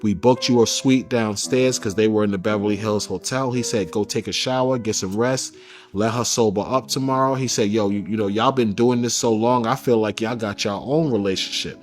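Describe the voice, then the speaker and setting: Man telling a story, slangy and animated. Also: fairly low pitch, fairly quick. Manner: animated when quoting others, casual slang. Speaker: interview guest recounting a personal story. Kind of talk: candid storytelling.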